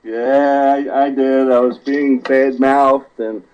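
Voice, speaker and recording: A man's voice: mid-range voice, little pitch movement, takes it slowly, a little mellow, clear, resonant tone. Profane ranting man, muffled. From South Jersey, USA. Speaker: regular caller. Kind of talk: casual podcast chat.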